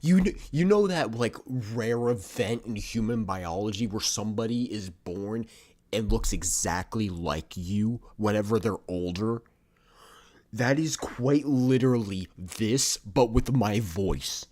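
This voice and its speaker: A man reacting on a casual livestream as the game developer host, excitable, swearing and saying "yo" a lot. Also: on the low side, measured pace. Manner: excitable, swears, says "yo" often.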